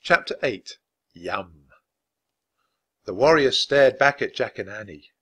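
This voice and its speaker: Animated man reading a kids' story. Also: mid-range voice, slow pace, slightly rough. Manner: expressive, animated narration. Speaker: dad reading aloud. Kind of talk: children's storybook read-aloud.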